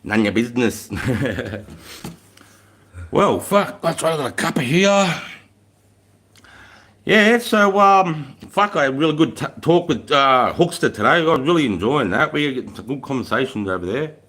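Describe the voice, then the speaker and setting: An Australian man talks casually to his live-stream viewers from a room at home. His voice sits at an ordinary middle pitch, and his delivery is rambling and laid-back. He swears freely and laughs often as he chats. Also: animated, normal speed, fairly bright tone, breathy edge. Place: room at home with a fire going.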